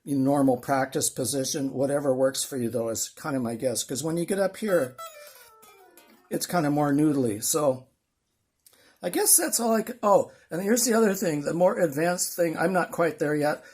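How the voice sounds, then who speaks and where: An older man with a husky voice talks through a beginner guitar lesson in a folksy, rambling way. He sounds self-deprecating and unhurried. Faint guitar playing sits behind his voice. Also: on the high side, a little mellow. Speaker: guitar teacher.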